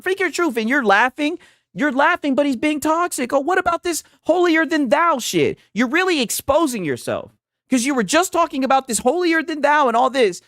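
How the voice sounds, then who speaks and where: A man hosting a stream, giving animated, profane reaction commentary and trash talk. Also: very high voice, dry recording, clean studio sound. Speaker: streamer host.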